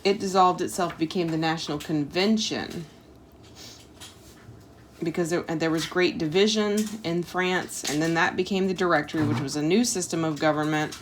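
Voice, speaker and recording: Mom reading a history lesson out loud, chatty asides, kinda low voice, bit of background hiss. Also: female voice, moderate pace. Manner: casual asides with fillers like "like" and "um". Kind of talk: reading aloud and explaining to a child.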